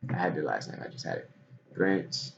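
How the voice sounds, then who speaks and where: A man's voice: low voice, normal speed, vocal fry, dull audio, a little hiss or hum. Candid man rambling into his camera. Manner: loose and candid, swings from quiet mumbling to loud animated outbursts. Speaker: vlogger recapping a trading day.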